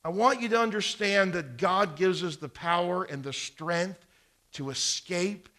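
A man with a high, sharp voice preaches at a measured pace. He reads scripture, repeats phrases to stress them, and lets his volume swell and drop.

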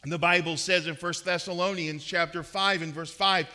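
High, bright-voiced earnest male preacher. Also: fairly even intonation, normal speed. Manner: earnest preaching with swelling emphasis and repeated words. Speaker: pastor. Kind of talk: sermon.

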